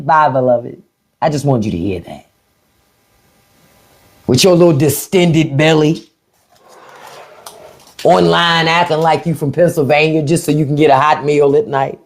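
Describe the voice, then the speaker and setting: A middle-aged woman hosting a casual livestream, blunt and taunting as she talks to her viewers. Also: low voice. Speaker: livestream host.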